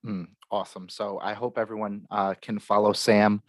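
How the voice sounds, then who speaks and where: A man with a fairly low voice hosts a podcast interview, recorded dry and close. He speaks encouragingly, offering brief affirmations and thanks. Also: little pitch movement, moderate pace, dry recording. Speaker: podcast host.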